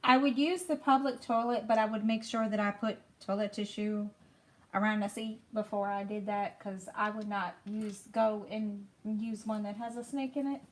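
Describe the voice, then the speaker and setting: A middle-aged woman chatting casually with viewers while crafting at home, rambling softly and thinking aloud with lots of fillers. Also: mid-range voice, fairly even intonation, moderate pace. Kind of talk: casual chat while diamond painting.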